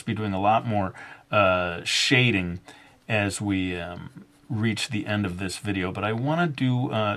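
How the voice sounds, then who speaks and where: Rambling low-voiced man teaching drawing. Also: fairly bright tone. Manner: rambling and self-deprecating, with many ums and uhs. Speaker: drawing instructor. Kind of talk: relaxed drawing tutorial voice-over.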